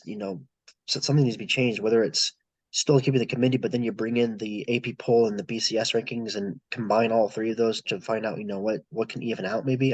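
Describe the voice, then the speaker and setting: Husky man rambling about sports. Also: fairly low pitch, a little mellow, dry recording, muffled recording. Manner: rambling, many restarts. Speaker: podcast co-host. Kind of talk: casual sports discussion.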